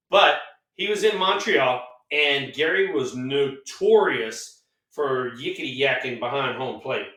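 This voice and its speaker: A man's voice: medium pitch, far from the mic. An older man co-hosting a casual podcast, telling stories with plenty of swearing and acting out the dialogue. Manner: animated storyteller who acts out dialogue, swears freely. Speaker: co-host, former baseball player. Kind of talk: casual storytelling chat. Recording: echoey room, off-mic.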